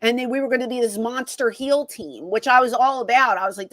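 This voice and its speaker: This middle-aged woman, once a wrestling personality, speaks briskly while telling stories in a casual interview, animatedly voicing the people in each conversation she recounts. Her voice is a touch high for a woman. Sound quality is poor, and the recording is dry and close with almost no room.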